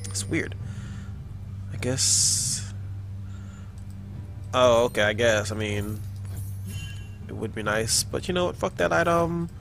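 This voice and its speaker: A young man giving casual, profane, excitable commentary while playing a video game. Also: medium pitch, takes it slowly, vocal fry, pauses often. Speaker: gamer. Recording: game music behind voice.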